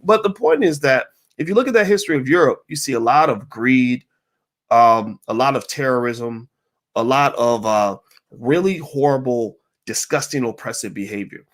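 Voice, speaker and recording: A man hosting a casual livestream, answering viewer questions in an emphatic, animated way with mocking asides. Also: medium pitch, normal speed.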